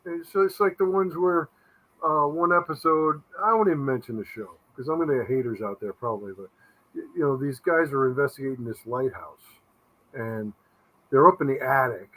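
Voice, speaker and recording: A man's voice: mid-range voice, brisk, fairly bright tone, poor audio. A man from Connecticut, a guest paranormal investigator, telling blunt, skeptical stories in casual chat. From Connecticut, USA.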